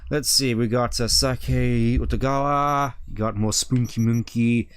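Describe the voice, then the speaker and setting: A man's voice: mid-range voice, steady tone, a little slow, smooth. A man streaming a video game, rambling in casual commentary and reading item names aloud.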